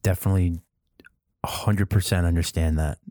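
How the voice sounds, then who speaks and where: A man's voice: low voice, fairly even intonation, a little fast, dark tone. A man in casual chat who mostly listens and answers with short agreements. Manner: brief listening replies. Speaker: podcast co-host.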